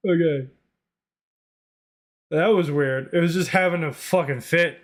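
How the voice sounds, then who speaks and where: A man's voice: fairly high pitch, a little slow, pauses often. A man streaming live, reacting to clips in a loose, rambling way and swearing freely.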